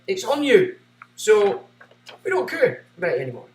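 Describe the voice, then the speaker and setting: A man's voice: sits high, wildly swooping pitch, normal speed, far from the mic, a little hiss or hum. A man hosting a livestream, ranting sarcastically and reading out chat messages. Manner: ranting, sarcastic, swinging between loud and muttered. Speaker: livestream host. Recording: echoey room.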